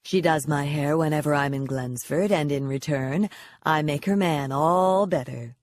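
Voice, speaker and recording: A woman voicing a confident thirty-something female psychologist with a mildly hoarse voice, self-assured and smiling. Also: sits low, measured pace, a little mellow, no echo. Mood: sly.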